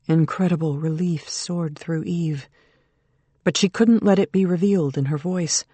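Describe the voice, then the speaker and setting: Thriller audiobook narrator, mid-pitched, even delivery, dead-dry studio. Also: measured pace, no room sound. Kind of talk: scripted narration.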